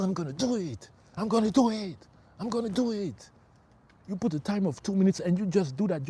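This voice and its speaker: Warm and breathy, his voice sits on the high side as this middle-aged spiritual life coach livestreams an emphatic motivational talk. He hammers home his key phrases and refers to listeners as bro.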